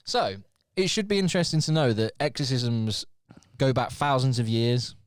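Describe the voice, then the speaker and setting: A man co-hosting a podcast, chatting casually and swearing freely. His pitch sits in the middle range. The recording is dry and close. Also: moderate pace, dry recording. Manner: sweary, joking, laughs a lot. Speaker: podcast co-host. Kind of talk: casual comedic chat.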